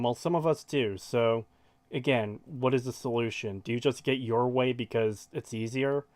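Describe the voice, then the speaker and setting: A man's voice: medium pitch, normal speed, darkish tone, no echo. A man hosting a reaction stream, ranting in a heated, profane way. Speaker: stream host.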